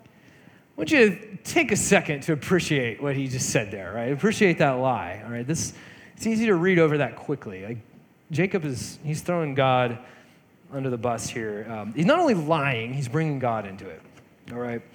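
A man's voice: medium pitch, very animated, normal speed. A man giving a casual, conversational sermon, retelling scripture in a chatty way and slipping into voices for the characters. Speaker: pastor. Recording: hall reverb.

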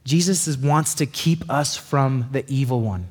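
A man's voice: mid-range voice, a little slow, breathy edge. Chatty man preaching a casual sermon. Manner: chatty and animated, acts out little voices.

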